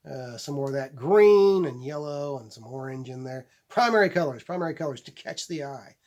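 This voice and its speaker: A man in his fifties, hosting a casual show-and-tell of his purchases, talking in a halting, rambling way with many fillers and restarts. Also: mid-range voice, expressive, a little mellow. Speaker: comic collector and channel host.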